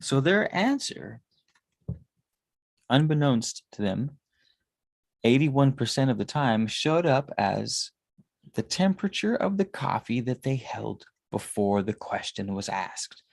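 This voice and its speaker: A man's voice: mid-range voice, big pitch swings, slow, creaky, dry recording. A man in his thirties, a tarot reader, talking in a casual, rambling monologue and swearing often. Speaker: tarot reader and spiritual consultant.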